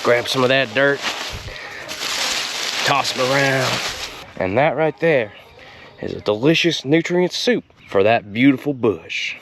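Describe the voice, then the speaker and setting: Man, folksy drawl, deadpan innuendo, comedic gardening host, outdoor yard noise. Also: mid-range voice, unhurried, pauses often.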